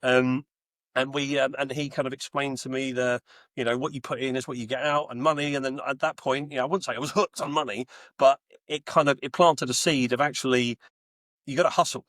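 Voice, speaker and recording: A man's voice: mid-range voice, brisk, dry recording. A man in his forties who grew up in Texas, chatting as a podcast guest and telling stories with lots of fillers and restarts. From Texas, USA. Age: 40s. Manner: chatty, animated storyteller with many fillers and restarts. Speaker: guest, home Bitcoin miner. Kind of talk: casual interview chat.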